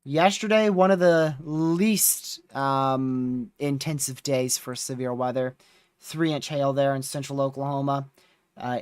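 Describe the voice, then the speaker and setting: With a clear, resonant medium-pitched voice and no room sound, a storm chaser hosting a livestream drifts through a recap of previous days. He's exhausted and yawning, rambling casually with fillers.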